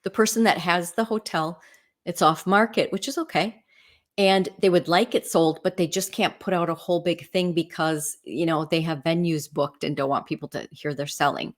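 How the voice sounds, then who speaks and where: A woman's voice: lowish voice, fairly even intonation, moderate pace. A middle-aged woman from the Midwest US, a real estate agent, teaching in a casual, chatty way and telling stories with frequent "right?" and "you know" asides.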